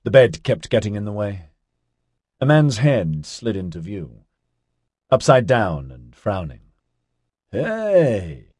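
A man narrating a novel in a steady, wry storytelling manner. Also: fairly low pitch, unhurried, pauses often, breathy edge, dry recording, studio quality. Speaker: audiobook narrator. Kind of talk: scripted narration.

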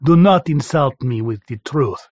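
A man voicing a menacing clay homunculus that speaks as an older man, in a rich melodic baritone with a thick foreign accent. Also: animated, unhurried, a little mellow, no echo. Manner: taunting, interrogating. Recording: dry, slightly dull recording.

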